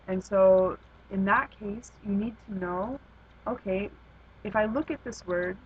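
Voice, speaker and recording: A woman explaining language lessons in a casual, hesitant way, with many pauses and fillers. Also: mid-range voice, a bit bright, breathy edge. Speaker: Spanish teacher. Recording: dull lo-fi sound with faint background noise.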